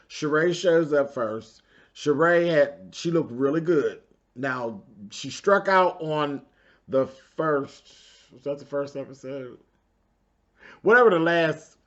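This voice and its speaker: Sassy gossiping man, dull lo-fi sound. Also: mid-range voice. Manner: sassy and gossipy, drawling "honey" and "child". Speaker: reality TV reviewer. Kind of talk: casual episode recap commentary.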